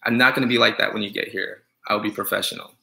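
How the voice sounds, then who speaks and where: A man's voice: lowish voice, steady tone, fast talker, gravelly, bright, forceful tone. A man who is a dog groomer, chatting on a live stream, joking and teasing viewers as he rambles with many fillers.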